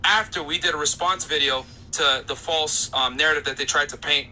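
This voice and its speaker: A man's voice: a little high, a little fast, bright, forceful tone, slight background noise, poor audio. Insistent young man hosting a podcast. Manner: insistent, talks over interruptions. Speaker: podcast host. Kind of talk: heated podcast argument with a caller.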